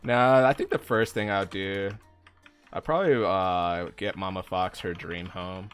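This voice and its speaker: A young man talks to his viewers while he plays, in a fairly low voice. He rambles loosely and leans on fillers as he answers chat. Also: a little slow, soft background music. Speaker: streamer. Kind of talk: casual live-stream chat while gaming.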